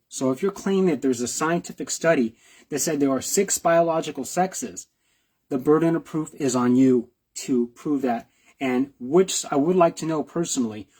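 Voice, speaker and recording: A man with a husky, breathy voice gives reaction commentary on clips. He talks in rhetorical questions, restarts and repeats his points. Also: mid-range voice, darkish tone. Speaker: video blogger.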